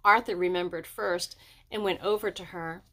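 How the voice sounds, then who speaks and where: A woman reading a children's chapter book aloud, raising her pitch for the children's dialogue. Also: steady tone, normal speed, pushed and bright. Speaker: audiobook reader. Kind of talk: storybook narration.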